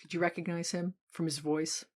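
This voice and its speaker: Low-voiced woman chatting about films. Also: little pitch movement, fairly quick. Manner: enthusiastic, laughs often, trails off into fillers. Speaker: podcast co-host. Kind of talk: casual film chat.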